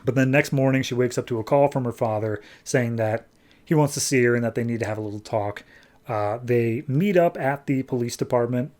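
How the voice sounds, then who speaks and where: A man's voice: medium pitch, fairly quick, a little mellow. Chatty man recapping comics. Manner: chatty, filler-heavy storytelling. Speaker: podcast host. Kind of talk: casual comic book recap.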